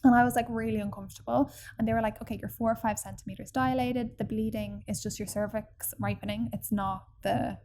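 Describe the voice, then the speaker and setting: Woman, fairly high voice, chatty, animated storyteller, casual podcast. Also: brisk, few pauses, slight background noise. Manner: chatty and animated, acts out quoted people, many fillers.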